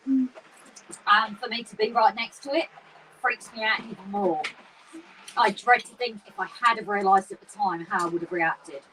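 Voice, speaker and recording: A chatty, excitable woman co-hosting a casual livestream, her voice sitting a little back from the microphone. Faint room noise hums behind her as she talks. She laughs often and jumps between topics. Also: mid-range voice, normal speed. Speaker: livestream co-host. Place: garden shed with model railway. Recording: slightly distant mic with faint room noise.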